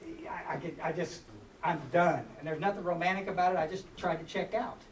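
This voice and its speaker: A man in his forties with a drawl speaks to a live recovery meeting in a meeting hall, offering a rambling, self-deprecating personal share packed with fillers and restarts. He has a high-sitting voice and talks a little fast, captured from a distance in a noisy, echoey room.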